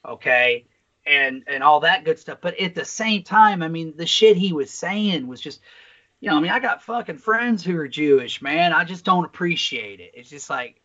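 A man co-hosting a casual podcast, talking bluntly and swearing a lot as he tells a story with animated energy. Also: a little high, moderate pace. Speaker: podcast co-host. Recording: slightly dull lo-fi sound.

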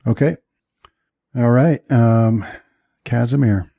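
A man narrating as game master, describing scenes with many pauses and fillers. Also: medium pitch, gravelly, dark tone, dry recording, clean studio sound.

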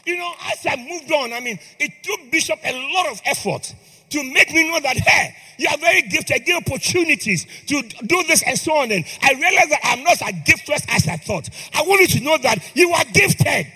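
A man's voice: extremely high pitch, animated, moderate pace, sharp tone. A man preaching a sermon in a church, impassioned and calling on the congregation to respond. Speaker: priest. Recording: long hall reverb with faint music.

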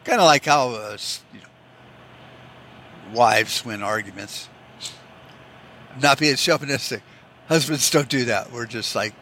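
A man's voice: on the low side, unhurried, pushed and bright, slight background noise. A man hosting a solo podcast, talking bluntly and sarcastically with lots of swearing, and slipping into mocking voices for the people he quotes. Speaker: podcast host. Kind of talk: opinionated solo podcast rant.

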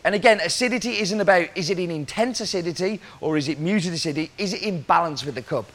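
A man's voice: on the high side, fairly bright tone. A man who works as a coffee roaster, explaining his work in a casual way and asking the viewer questions.

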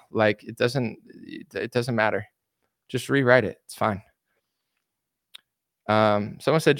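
A man with a smooth, medium-pitched voice rants casually about politics on a livestream, reading out and responding to chat comments. He rambles with lots of fillers and frequent restarts, and the studio-quality recording has no room sound.

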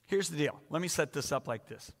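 A man's voice: on the high side, animated, fairly quick. A man in his sixties preaching a sermon with emphatic, dramatic repetition. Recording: echoey hall.

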